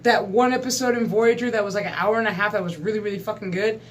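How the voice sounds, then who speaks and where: A man's voice: sits high, fairly even intonation, fast. Give me an exasperated, foul-mouthed man in his thirties hosting his own channel and venting at length. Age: 30s. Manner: profane, exasperated, emphatic. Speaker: gaming channel host. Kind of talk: casual ranting monologue.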